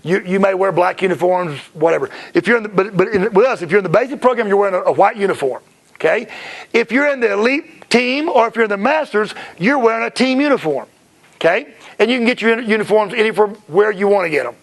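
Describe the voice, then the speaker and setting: A man giving a chatty seminar talk about running a martial arts school, slipping into quick impressions of kids and parents. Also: high-pitched, expressive.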